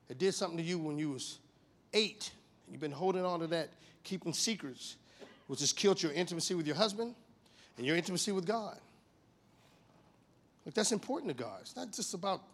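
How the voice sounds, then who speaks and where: A man of fifty preaching a sermon, telling stories with big swings in pitch and loudness. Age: 50s. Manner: animated storytelling with wide swings in pitch and volume.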